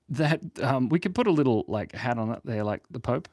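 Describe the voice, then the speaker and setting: Drawing on a livestream from his Australian home, a man rambles and banters playfully with viewers in easygoing chat. He sounds animated, with a mid-range voice, a slightly fast pace and hardly any pauses.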